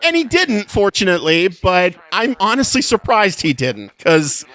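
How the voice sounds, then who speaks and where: A man's voice: high voice, huge pitch swings, fairly bright tone. Sarcastic, profane male podcast host. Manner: sarcastic, profane, quick riffing. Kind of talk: comedic movie review chat.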